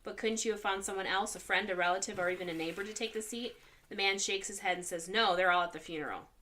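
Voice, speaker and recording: A woman co-hosting a casual chat podcast, reading jokes aloud one by one. She reads in a measured, deliberate way, and her voice is bright and forward. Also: mid-range voice. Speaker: podcast co-host.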